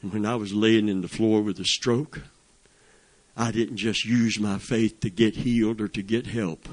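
A man's voice: lowish voice, steady tone, measured pace. An older man preaching a sermon in a fervent, folksy way, calling out praise as he teaches.

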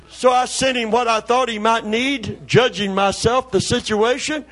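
Folksy preacher telling a story. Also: male voice, extremely high pitch, normal speed, hardly any pauses. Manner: folksy, animated, acts out voices. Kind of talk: storytelling sermon testimony.

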